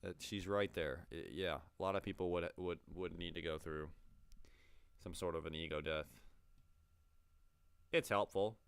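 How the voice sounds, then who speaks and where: A man's voice: deep voice, fairly even intonation, normal speed, pauses often, fairly bright tone, smooth, no room sound. A man hosting a reaction video, talking casually with exasperated, profane remarks and laughing asides.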